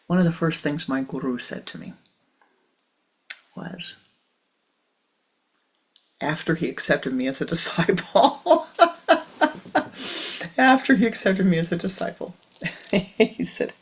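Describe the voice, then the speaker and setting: An older spiritual teacher speaks in a gravelly, mid-pitched voice. The talk is soft and measured, leading into a meditation, and often sinks into a near whisper. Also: very animated, low-quality recording.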